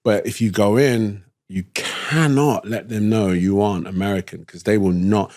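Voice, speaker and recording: A man's voice: on the low side, moderate pace, darkish tone, dry recording, studio quality. A man from East London with a London accent, a guest casually telling stories in a laid-back, slangy way. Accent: London English. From East London, England. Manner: laid-back, slangy, drifts between thoughts. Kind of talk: casual storytelling.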